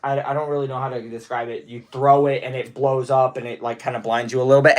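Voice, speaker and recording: A young adult man streaming live, chatting casually with viewers and excitedly shouting out donors. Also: medium pitch. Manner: excitable, gives rapid shout-outs to donors; chatty, answers viewer questions one by one.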